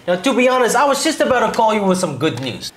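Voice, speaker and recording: A man playing a talent agent who tries to calm and win over his client in a salesy, placating way. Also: high-pitched, fairly quick, roomy sound, slight background noise, exaggerated voice. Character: smooth-talking male talent agent. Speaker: actor in a short film scene. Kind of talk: acting-class film scene.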